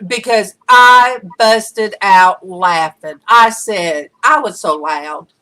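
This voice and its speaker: A woman's voice: medium pitch, slow pace, bright, forceful tone, rough recording. A woman hosting a casual livestream, chatting and greeting viewers by name, laughing easily. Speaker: livestream host.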